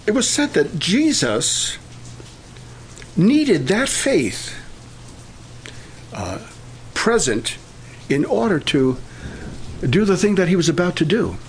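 An older man preaching a sermon, pausing often and restarting his sentences. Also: high voice, very animated, a little hiss or hum. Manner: halting, many filler pauses and restarts.

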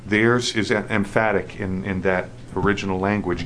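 A man's voice: low-pitched, steady tone, normal speed, few pauses, fairly bright tone, slight background noise. A man preaching a sermon, restarting phrases with fillers and rising into an emphatic, repetitive cadence. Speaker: pastor.

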